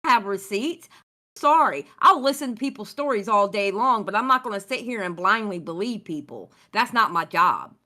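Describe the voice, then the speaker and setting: A woman's voice: medium pitch, animated, normal speed, bright, forceful tone. A woman co-hosting a stream, talking in a blunt, dismissive and profane way. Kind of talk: casual commentary chat.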